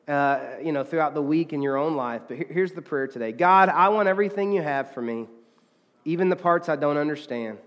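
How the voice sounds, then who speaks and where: A fairly high-voiced man preaches to his congregation in an earnest, conversational way, often restarting sentences and slipping into little acted-out quotes. His voice rings out with a long hall reverb, as in a church sanctuary. He sounds like a pastor talking straight to his people. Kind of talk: sermon.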